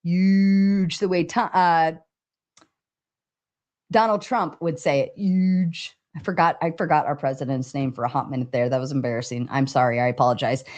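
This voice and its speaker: Woman livestream host, excitable and foul-mouthed, reads chat aloud with big pitch jumps. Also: a little fast, muffled recording. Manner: excited, swears freely, pitch jumps when reading chat. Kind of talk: casual livestream talk, reading chat aloud.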